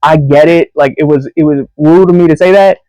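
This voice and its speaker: Young man, podcast co-host, animated storyteller, fairly high voice, dry close sound. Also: fairly quick, dry recording, low-quality recording. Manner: animated storyteller who acts out quoted voices. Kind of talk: casual storytelling chat.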